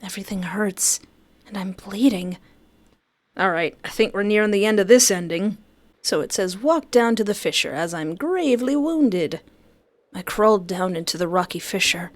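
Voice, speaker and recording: Animated woman reading a horror game aloud. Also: mid-range voice, moderate pace. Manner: animated, jokey, dramatic outbursts. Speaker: gamer playing a horror visual novel. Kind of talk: let's play, reading aloud with reactions.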